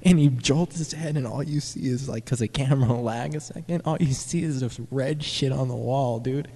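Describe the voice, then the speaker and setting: A young man telling a rambling, profane story, excited and stumbling over his words. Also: medium pitch, normal speed, big-room sound. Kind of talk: casual profane anecdote.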